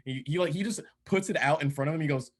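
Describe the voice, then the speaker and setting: A man's voice: a little high, fast talker. A man telling casual anecdotes among friends, laughing often and acting out quoted lines. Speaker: DJ and podcast guest. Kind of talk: casual storytelling chat.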